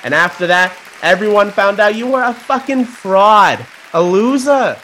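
A man's voice: high voice, animated, a little slow, bright, forceful tone, a faint crowd, a little hiss or hum. A man hosting a show in a comedy sketch, ranting bitterly and swearing constantly. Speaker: show host.

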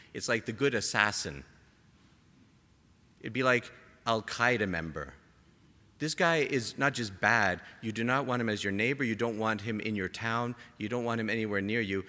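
A man preaching a sermon to a gathered congregation, impassioned, rising to emphatic peaks and dropping to soft, quiet lines. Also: mid-range voice. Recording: long hall reverb.

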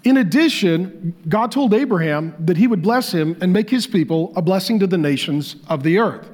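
High-voiced male pastor preaching. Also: moderate pace. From Irish descent. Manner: animated, joking asides with laughter. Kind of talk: sermon.

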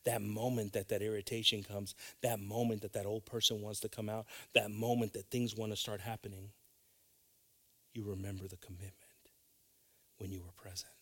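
A male pastor preaching a sermon, dropping into hushed whispers and then rising to emphatic, loud lines. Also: lowish voice, level tone, normal speed.

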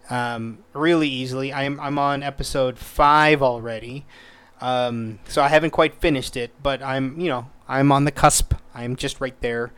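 Slow-talking exasperated podcast host, a man. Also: mid-range voice, clean tone, dry recording. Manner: rambling, profane, easily exasperated, stumbles over words. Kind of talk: casual solo podcast review.

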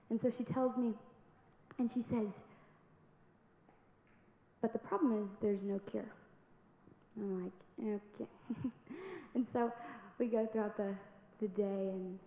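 A young woman giving a personal testimony in church, telling her story earnestly and building to loud exhortation. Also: mid-range voice, gravelly. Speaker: youth speaker giving testimony. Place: large church sanctuary. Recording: echoey hall, dull sound, faint noise.

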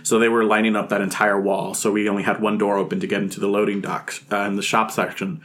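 A man telling a ghost story as a podcast guest, animated and laughing, swearing freely as he acts out his own past reactions. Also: lowish voice, fast. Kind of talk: casual podcast anecdote.

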